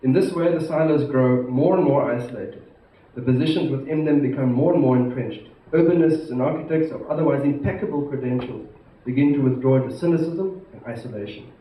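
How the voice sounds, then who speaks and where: A man from South Africa, an institute president giving a formal conference address, measured and emphatic, stressing key words. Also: mid-range voice. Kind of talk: formal prepared speech to a conference. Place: large conference hall. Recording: echoey hall, distant mic, muffled, faint hiss.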